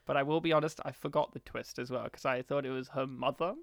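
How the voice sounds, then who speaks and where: A man co-hosting a podcast chats animatedly about a movie in a casual movie-watch conversation, laughing often. His gravelly mid-range voice keeps a steady tone, and he talks fast. There's no echo on the recording.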